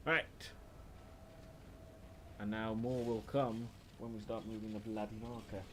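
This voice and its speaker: A man's voice: on the low side, level tone, measured pace, noisy background. A man with a British accent tinged with Welsh, chatting and swearing his way through a horror game on a live stream. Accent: British, slightly Welsh. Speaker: gaming streamer.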